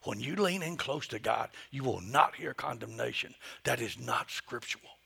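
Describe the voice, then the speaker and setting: A middle-aged male pastor preaching a sermon, moving between hushed whispers and loud, emphatic peaks. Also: medium pitch, big pitch swings, moderate pace, creaky, breathy edge.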